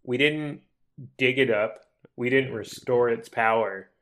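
A man co-hosting a casual podcast, chatting in a relaxed, wry way. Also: medium pitch, a little slow. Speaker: podcast co-host. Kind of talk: casual chat.

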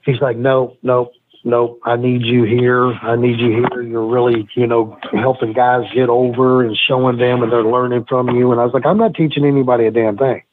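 A man's voice: medium pitch, monotone, normal speed, narrow, tinny audio, a little hiss or hum. A man guesting on a wrestling podcast, telling profane, heated stories and acting out the arguments he quotes. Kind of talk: casual storytelling interview.

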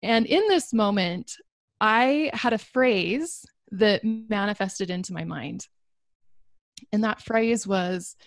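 Speaking slowly and expressively at a medium pitch, a young woman shares her personal testimony as a guest, in a studio-quality recording without echo. She sounds earnest and reflective and laughs lightly between lines.

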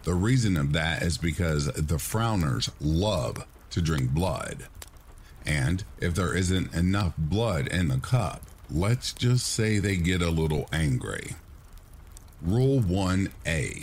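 A man with a deep voice narrates scripted horror stories meant for listeners drifting off to sleep. His delivery is measured and hushed, yet his intonation swings widely from line to line. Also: expressive, a little hiss or hum. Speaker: horror story narrator, channel host.

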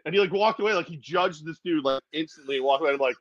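A man's voice: fairly high pitch, very fast, hardly any pauses, no echo. Laughing storyteller man, dry dull sound. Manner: animated storyteller, laughs a lot. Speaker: co-host of a sports podcast. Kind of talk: casual sports chat.

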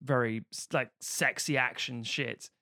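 An animated man from the UK co-hosts a casual film podcast, dropping into comic bits and swearing freely. His voice sits at an everyday middle pitch and comes across dry and close to the mic. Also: unhurried, dry recording. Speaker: podcast co-host.

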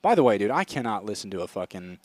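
A man's voice: lowish voice, very animated, quick pace, no room sound. A young man co-hosting a podcast, rambling and crude in casual chat. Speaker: podcast co-host.

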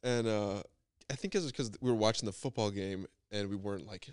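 Young man, casual podcast guest, somewhat low voice, rambling laid-back storyteller, dry close mic. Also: a little fast, a little mellow, smooth, no room sound. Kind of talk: casual chat.

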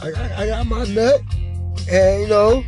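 A man hosting a podcast, telling a crude comic story in a rambling, animated way, repeating filler questions. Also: high voice, measured pace, faint music behind. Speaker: podcast host.

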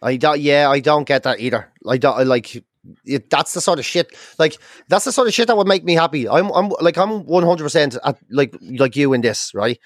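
A man's voice: on the high side, animated, fairly quick, dry recording, studio quality. An Irish man hosting a casual chat, blunt and wry, swearing often.

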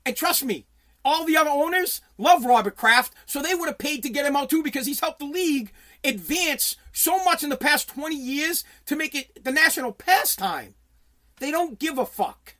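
High-pitched sports talk host, heated profane rant, blunt and repetitive, stumbles over restarts. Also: lively intonation, normal speed, bright, forceful tone. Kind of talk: ranting sports commentary, reading viewer comments.

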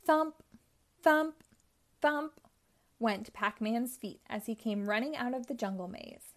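A woman reading a children's storybook aloud in a slow, expressive way, lightly voicing the characters. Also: mid-range voice, vocal fry. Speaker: storybook reader.

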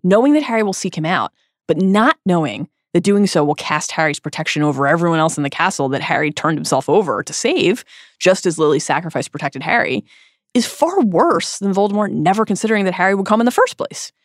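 Woman podcast host reading her notes out, pitch jumps all over, real dry mic. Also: a little fast, no room sound. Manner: expressive, emphatic reading. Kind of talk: scripted literary analysis.

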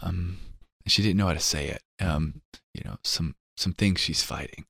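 A man telling a heartfelt personal story as an interview guest, earnest and emotional, sometimes dropping to a hushed voice. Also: low voice, normal speed, vocal fry, husky, dry recording, clean studio sound. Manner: earnest, emotional, drops to a hushed voice for tender moments.

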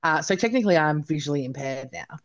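A woman in her thirties from Australia, telling her story as an interview guest, chatty and animated, with many "like"s and "you know"s. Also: low-pitched, fast.

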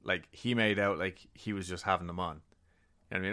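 A man's voice: low-pitched, fairly even intonation, a little fast, sharp tone. A man co-hosting a podcast, casually retelling a story and reading quotes from a book, with swearing and laughing asides. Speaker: podcast co-host.

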